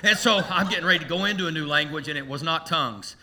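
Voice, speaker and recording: A pastor preaching to his congregation with a very bright, ringing voice pitched a little high for a man. He spins a humorous story with animated, playful energy. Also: fast. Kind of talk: sermon.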